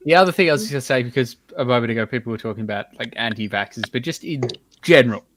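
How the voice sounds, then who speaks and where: A man's voice: mid-range voice, very fast. A man on a casual panel chat with a dry, wry delivery, heard over a noisy online call. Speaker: panel guest.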